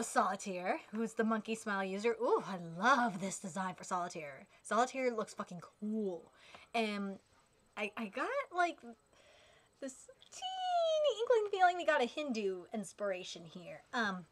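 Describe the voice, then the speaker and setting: A woman streamer giving a casual live reaction while reading manga, excitable and swearing, with fillers. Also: medium pitch, measured pace.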